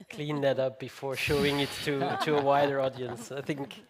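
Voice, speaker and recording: A man speaking as a panelist at a conference, measured with frequent fillers and restarts. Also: mid-range voice, little pitch movement.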